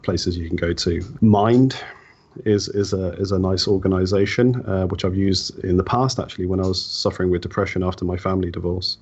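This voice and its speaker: A low, husky man in a reflective interview, his speech halting and heartfelt, circling back over words as he talks. The audio is dull and lo-fi, like a remote call. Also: darkish tone. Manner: halting, heartfelt, repeats words when emotional. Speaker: podcast guest. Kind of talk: reflective personal interview talk.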